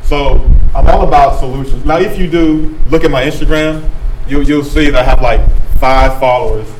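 A man's voice: medium pitch, moderate pace, a little mellow. A man leading a discussion with an audience in a meeting room. He talks casually, often repeating back what people say. He is picked up from a distance in an echoey room with faint background hiss. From rural North Carolina. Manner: conversational, repeats and reflects back answers. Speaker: speaker leading a group workshop.

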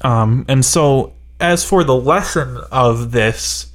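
Casual podcast co-host, man, mid-pitched voice, analytical and chatty. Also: slow. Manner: rambling, analytical, jokey. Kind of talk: casual chat about a movie.

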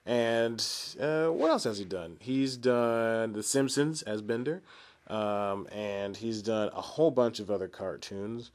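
This solo podcast host, a man in his twenties, speaks at a measured pace in a low, darkish voice. His chatty, rambling delivery is full of self-deprecation, laughter, restarts, and side comments.

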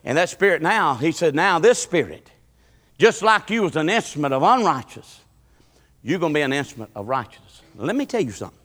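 Preacher with a high bright voice. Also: male voice, sing-song, a little fast, in a large hall. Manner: preaching with swings from loud shouting to low quiet talk. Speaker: pastor. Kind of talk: sermon. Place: church sanctuary.

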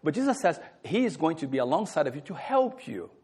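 A man preaching a sermon in a church, emphatic, swinging between loud stressed words and soft drops. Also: on the high side, very animated, brisk, slightly rough. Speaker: counselor.

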